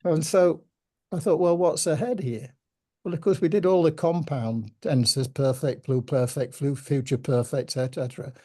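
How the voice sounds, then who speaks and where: An older man with a Yorkshire accent and open northern vowels speaks in a slightly high, mellow voice. He tells stories in a measured, thoughtful way, with gentle humour. He sounds like a guest settling into a reminiscing conversation. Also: steady tone. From Yorkshire, England. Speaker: interviewee.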